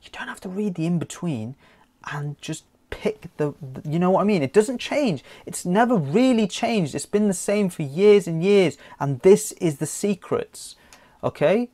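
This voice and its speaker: A man's voice: high voice, lively intonation, a little slow, mellow. A man teaching an online driving theory lesson, reading questions aloud in a chatty, jokey way with lots of fillers.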